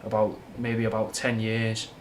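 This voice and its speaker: A young streamer from Manchester speaks in a fairly low monotone at a measured pace, rambling candidly through viewers' questions with slang and swear words. A slight Scouse twang tints his Mancunian accent, with a little hiss or hum in the background.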